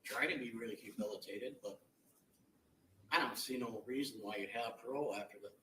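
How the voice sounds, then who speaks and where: A middle-aged man giving a blunt, halting, emotional victim impact statement in a courtroom, picked up from far off. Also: medium pitch, a bit bright, slight background noise. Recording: echoey courtroom audio from far off.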